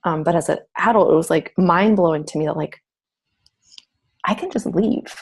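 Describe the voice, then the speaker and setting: A middle-aged woman tells a personal story in an easy, casual way. Her voice sits a little low and has a gravelly, husky grain. She often slips into quoting her own thoughts aloud. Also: moderate pace. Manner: animated, acts out her own inner voice. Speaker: guest.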